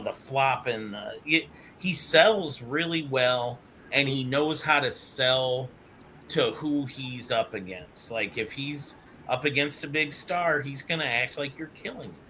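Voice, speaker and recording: A man's voice: medium pitch, pushed and bright, a little hiss or hum. A man in a casual wrestling chat, emphatically explaining his point.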